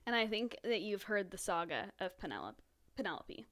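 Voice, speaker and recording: Young woman, podcast co-host, casual chat, bubbly, hiccuping, middle pitch. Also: sing-song, fairly quick, fairly bright tone. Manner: bubbly, enthusiastic, laughing asides.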